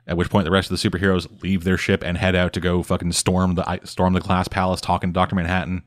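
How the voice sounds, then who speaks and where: A man casually recapping a comic book on a podcast, rambling and swearing often, with dry, deadpan asides. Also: sits low, quick pace. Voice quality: rambling, profane, deadpan summary. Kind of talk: casual chat.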